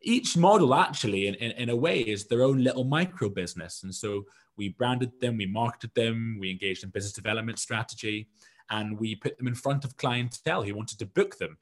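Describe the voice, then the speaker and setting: A British entrepreneur, speaking as an interview guest, has a mid-range voice and talks fairly quickly. He tells his story casually, drifting off on tangents and running himself down.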